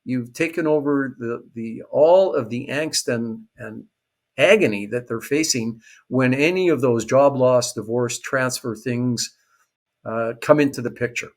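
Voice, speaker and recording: A man's voice: medium pitch, measured pace. A middle-aged man explains a real estate investing strategy in an interview, telling a story and acting out what the people in it say. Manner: lively storyteller who acts out quoted people.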